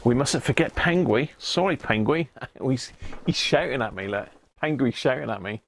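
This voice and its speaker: A man's voice: medium pitch, expressive, moderate pace. A man hosting a casual live stream about restoring an old radio, chatty and greeting viewers by name as he works.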